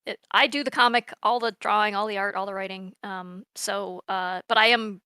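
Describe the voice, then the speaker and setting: A woman comic artist and writer talks casually on a livestream in a soft, hesitant way. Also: medium pitch, fairly even intonation, normal speed, clear, resonant tone, no room sound.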